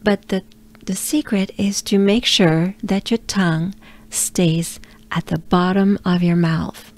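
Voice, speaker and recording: A woman's voice: medium pitch, darkish tone. A French woman teaching pronunciation, repeating sounds patiently and encouraging the listener, with light laughs. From France. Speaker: pronunciation coach. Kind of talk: slow, patient pronunciation lesson.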